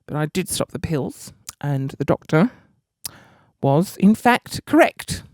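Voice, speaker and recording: A man's voice: a little high, slow, dry recording, studio quality. A man telling comic personal stories in a casual podcast vlog, acting out the people in them. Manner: animated, acts out people in the story. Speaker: podcast host.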